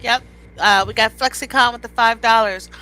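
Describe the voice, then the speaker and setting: A woman co-hosting a casual gaming podcast, reading viewer messages briskly. Her voice is fairly high and very bright, with a sharp, forceful edge. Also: steady tone, rough recording.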